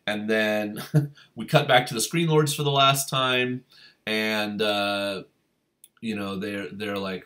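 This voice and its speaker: A man with a fairly low voice talks through a reality show episode in a loose, casual review. He rambles, stacks fillers and restarts his sentences, and jumps higher when he quotes people. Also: fairly bright tone.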